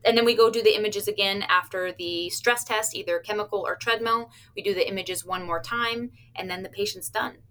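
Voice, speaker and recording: Woman, cheerful, explanatory, medical staff, relaxed interview answers. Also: medium pitch, fairly quick, hardly any pauses. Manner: upbeat, explains plainly with little laughs and playful patient quotes. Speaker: cardiac stress test staff member.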